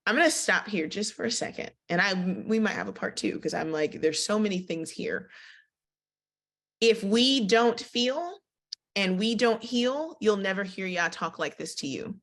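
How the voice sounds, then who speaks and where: A woman at a medium pitch teaches a casual Bible study. She reads scripture aloud in a measured way, then breaks into quick, expressive commentary. Her voice swings widely in pitch and tempo as she explains.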